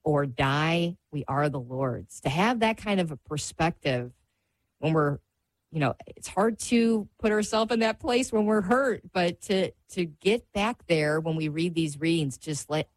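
A woman's voice: low-pitched, lively intonation, unhurried, dry recording. A woman co-hosting a faith radio talk show, earnest and reflective. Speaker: radio co-host.

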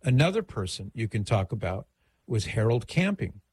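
A man's voice: on the low side, sing-song, moderate pace, darkish tone, breathy edge, no echo. A middle-aged man hosting a radio call-in show, giving advice in a conversational, digressive way.

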